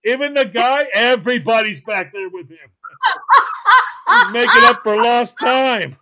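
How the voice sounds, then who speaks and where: A man telling funny stories in casual chat, animated and laughing, acting out what people said. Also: extremely high pitch, slow, very noisy. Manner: animated, laughing, acts out quotes in funny voices. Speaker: podcast host.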